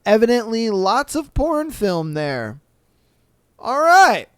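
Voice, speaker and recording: Male podcast host, unhurried, clear smooth voice, loose profane reactions between readings. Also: very high voice, sing-song, fairly bright tone, no room sound. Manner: laid-back, profane, joking asides. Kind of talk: reading listener stories aloud and reacting.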